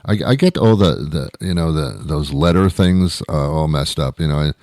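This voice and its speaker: A man hosting a show, delivering a rambling comedic monologue with deadpan, mock-outraged asides. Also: rumbling low, moderate pace, no echo, clean studio sound. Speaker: show host.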